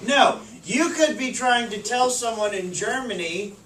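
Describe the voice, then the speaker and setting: High-voiced male teacher in an echoey classroom. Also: a little slow, sharp tone, distant mic. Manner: asks the class questions and repeats answers. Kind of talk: classroom lesson. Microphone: far camera.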